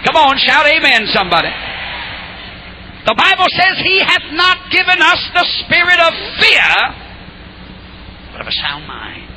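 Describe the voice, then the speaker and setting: An older man preaching a revival sermon, shouting and calling on the crowd to answer back. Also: very high voice, huge pitch swings, a little slow, long pauses, a little hiss or hum, low-quality recording. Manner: shouting, call-and-response exhortation.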